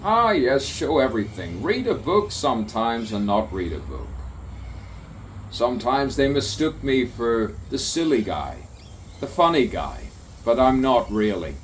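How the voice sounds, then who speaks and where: Man slowly reciting a rambling poem. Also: medium pitch, sing-song. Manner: slow, musing, repetitive delivery with sudden emphatic bursts. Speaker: poet. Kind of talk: spoken word poetry recitation. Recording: distant mic with faint background noise.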